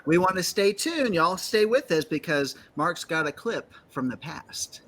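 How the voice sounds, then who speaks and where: Texan guy cohosting, cracks jokes, high bright voice. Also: expressive, measured pace. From Texas. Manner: jokey, laughs often. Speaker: co-host. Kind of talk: casual studio chat.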